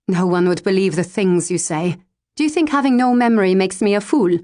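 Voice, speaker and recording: A woman's voice: mid-range voice, fairly quick, darkish tone, lightly acted. Lady narrator doing a proud young noblewoman, odd hard-to-place accent, cold and cutting, audiobook voice. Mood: cold defiant. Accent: hard-to-place foreign accent. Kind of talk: audiobook character voice.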